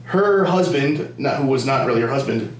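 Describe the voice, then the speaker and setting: Profane comedian telling stories in an echoey room. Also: male voice, medium pitch, expressive, normal speed, slight background noise. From United States, Connecticut. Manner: loose, profane, rambling with restarts. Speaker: podcast host, comedian. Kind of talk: casual comedic storytelling. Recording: roomy, distant camera-mic audio.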